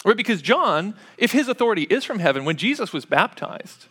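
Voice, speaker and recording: A man preaching an expository sermon, explaining step by step in a conversational way with frequent pauses and fillers. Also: high-pitched, big pitch swings, pushed and bright, breathy edge.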